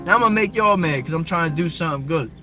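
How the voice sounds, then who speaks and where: High-voiced man ranting angrily over hip hop. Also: expressive, racing, sharp tone. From Philadelphia area, USA. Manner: angry, profane, confrontational, talks straight at the viewer. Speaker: livestreamer. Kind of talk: heated livestream rant. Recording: hip hop music playing behind. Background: hip hop music.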